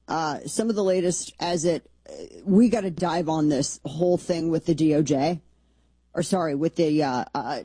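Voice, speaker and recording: A combative woman hosting talk radio, blunt and sarcastic as she argues her point. Her voice sits fairly low, with a dark, slightly husky tone. The sound is close and dry. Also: no echo. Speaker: radio talk show host. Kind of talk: opinionated political talk radio.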